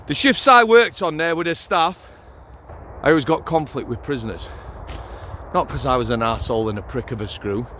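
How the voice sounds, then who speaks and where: A man's voice: mid-range voice, brisk, a bit bright, a little hiss or hum. Blunt sweary man. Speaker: former prison officer, channel host. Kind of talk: casual vlog storytelling.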